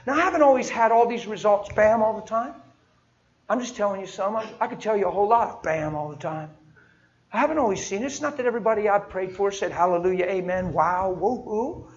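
A man's voice: sits high, fairly quick, highs cut off. A man preaching a sermon, telling stories in a folksy, heartfelt way and acting out the people in them. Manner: folksy, heartfelt, acts out dialogue. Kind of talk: sermon with storytelling.

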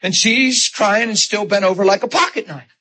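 Man, middle-aged, preacher, husky, fairly high voice, emotional sermon storytelling. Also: moderate pace, poor audio. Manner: emotional, animated storytelling with acted quotes. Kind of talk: sermon with personal stories.

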